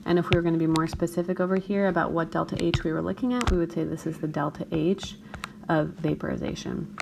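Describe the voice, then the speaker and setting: A woman's voice: on the low side, fast talker, noisy background. A woman teacher talking through a chemistry problem in a recorded screencast lecture, often checking in with her students. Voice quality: morning voice, a bit gravelly.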